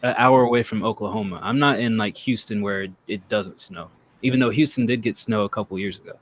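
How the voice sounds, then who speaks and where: A man's voice: on the low side, quick pace. A man hosting a casual chat show, rambling and joking as he talks. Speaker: podcast host. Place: North Texas.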